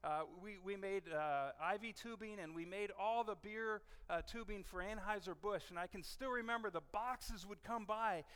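A middle-aged male pastor preaching a sermon in a conversational, animated way, often restarting his sentences. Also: sits high, moderate pace, hardly any pauses, clear, resonant tone. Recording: long reverb of a church hall.

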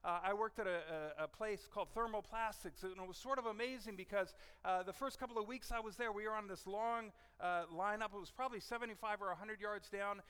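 A middle-aged male pastor preaching a sermon in a conversational, animated way, often restarting his sentences. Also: sits high, quick pace, few pauses, smooth. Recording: long reverb of a church hall.

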